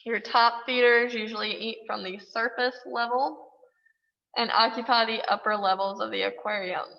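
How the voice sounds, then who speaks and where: A woman's voice: mid-range voice, gravelly, big-room sound, highs cut off. A woman teacher explaining fish biology in a classroom lecture, with occasional fillers.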